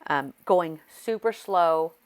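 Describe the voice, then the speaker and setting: A woman vlogger chatting casually and excitedly, rambling through a story with restarts while she crafts. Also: fairly low pitch, takes it slowly, clean tone. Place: home craft desk.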